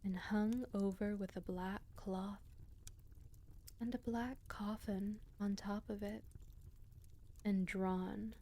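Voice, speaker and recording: A woman voicing a superstitious old peasant crone in a storybook reading, speaking softly and often half-whispered. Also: mid-range voice, fairly even intonation, slow, pauses often, slight background noise. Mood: solemn.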